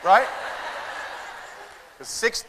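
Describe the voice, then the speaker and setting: Speaking extremely slowly amid background noise, a man with a Southern accent gives a comic keynote at a conference. His storytelling is lively, full of impersonations of parents and their kids. The large hall adds reverb, and the audience can be heard laughing.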